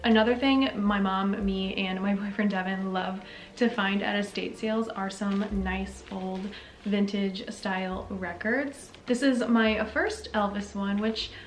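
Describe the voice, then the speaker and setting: A young woman in her twenties, a vlogger, gushing softly and enthusiastically as she shows off her thrifted home decor. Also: mid-range voice, fairly even intonation, unhurried, a little hiss or hum. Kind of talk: casual thrift haul show-and-tell.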